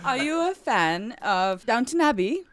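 A woman with a high, bouncy voice plays interviewer on a podcast, teasing and giggling through her questions. Her pitch leaps around, and loud hiss sits under the recording. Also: sing-song, measured pace. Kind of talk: playful mock interview.

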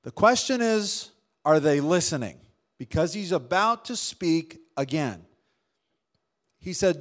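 A male pastor with a notably high voice delivers a sermon. He shifts between forceful emphasis and quiet, drawn-out lines, and calls on his listeners to respond. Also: expressive. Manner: dynamic preaching, swings from loud to hushed, calls on congregation.

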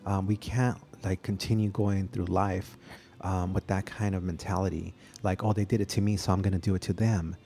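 Male podcast co-host, earnest, warm darkish low voice. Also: flat delivery, normal speed, gravelly. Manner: earnest, repeats words when starting. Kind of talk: casual chat.

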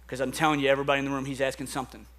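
A man's voice: mid-range voice, little pitch movement, rapid-fire, fairly bright tone. A young man preaching an earnest, emphatic sermon to a church congregation, often repeating words as he builds up. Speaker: pastor. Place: church sanctuary.

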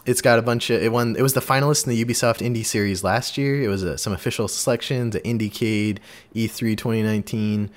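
A man in his twenties hosting a casual podcast, animated and jokey, often restarting his sentences. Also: fairly low pitch, quick pace. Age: 20s. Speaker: podcast host.

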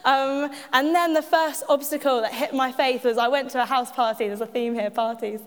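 Chatty high-voiced woman in an echoey hall. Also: fairly even intonation, moderate pace. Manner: chatty and self-mocking, laughing often, with asides to the audience. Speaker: church speaker. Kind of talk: personal testimony talk.

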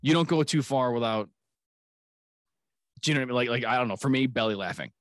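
A man's voice: mid-range voice, quick pace, no room sound, clean studio sound. Rambling, laughing man on a podcast. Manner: rambling, laughing often, acting out movie scenes. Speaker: podcast host. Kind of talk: casual chat.

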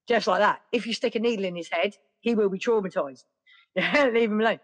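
A middle-aged woman, a podcast guest telling stories in a lively, casual way. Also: mid-range voice, brisk. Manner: lively, acts out other people's voices. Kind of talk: casual storytelling.

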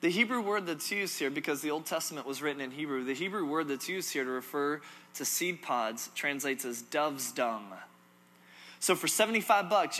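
A male preacher giving a sermon, animated and emphatic, driving points home with repetition and touches of humor. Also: a little high.

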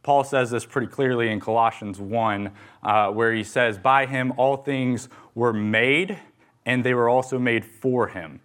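A man's voice: medium pitch, measured pace, fairly bright tone. A young adult man, a pastor, preaching a sermon in an earnest, emphatic way, with some fillers and restarts.

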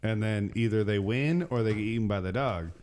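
Deadpan dude-bro guy, lowish voice, rattling off fake stats on a podcast. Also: fairly quick. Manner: deadpan, reels off made-up statistics, says "dude" constantly. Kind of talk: casual chat.

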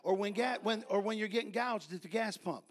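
A man preaching a sermon, telling folksy stories and building to repeated, shouted refrains. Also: sits high, a little fast. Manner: folksy storytelling.

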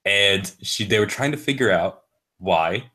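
A man with a lowish voice trades crude, profane jokes on a casual podcast. He is in his thirties and tells rambling anecdotes, breaking into laughter often. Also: lively intonation, unhurried, bright, forceful tone. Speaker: podcast co-host.

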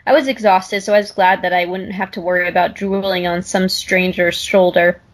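A woman on a casual podcast reads a spooky story aloud. She chats loosely between passages and often pauses mid-sentence to search for words. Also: fairly low pitch, fairly even intonation, low-quality recording. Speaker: podcast co-host. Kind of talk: casual chat and story reading.

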